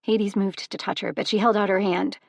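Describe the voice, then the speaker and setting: A woman narrating an audiobook in a steady, even storytelling manner. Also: medium pitch, normal speed, creaky, no room sound. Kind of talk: scripted narration.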